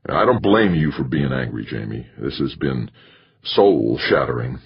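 A man voicing a grave, earnest middle-aged university president and bishop who speaks in a measured, consoling way. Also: extremely low pitch, animated, creaky, breathy edge, heavily acted. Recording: muffled lo-fi recording.

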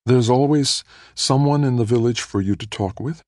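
A man voicing a concerned, gently questioning wife in an audiobook. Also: mid-range voice, moderate pace, no echo, clean studio sound, pitched above the performer's own voice, close to an everyday voice. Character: woman, a concerned wife on a video call. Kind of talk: audiobook character voice.

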